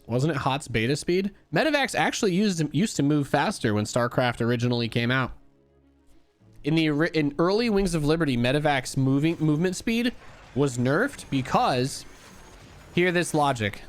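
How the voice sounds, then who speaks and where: A young man giving casual, joking commentary on an esports replay as a streamer. He swings between hype and dry asides. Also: mid-range voice. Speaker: streamer and caster.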